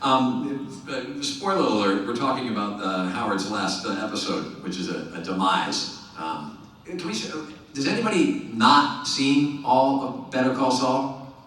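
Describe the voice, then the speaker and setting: A middle-aged man, an actor, telling anecdotes on a convention panel, lively and chatty, with quick voiced impressions of the people in his story. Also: medium pitch. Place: large convention hall. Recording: echoey convention hall, distant mic.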